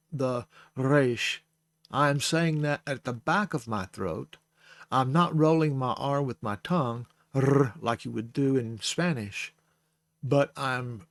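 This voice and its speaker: A man's voice: medium pitch, dry recording. A man giving an informal lesson on the Hebrew alphabet, talking patiently, spelling out sounds and correcting himself as he goes. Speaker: Bible Hebrew teacher. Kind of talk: informal teaching. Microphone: close microphone.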